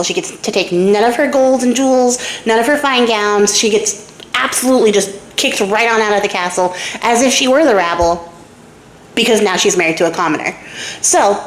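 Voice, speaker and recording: A young woman tells an old fairy tale in a loose, irreverent way, swearing now and then and slipping into the characters' voices. Her voice sits a little high. The room around her adds a noticeable echo. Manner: chatty, irreverent, swears, acts out quotes. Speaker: storyteller and craft channel host. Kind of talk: casual fairy tale retelling. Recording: echoey room.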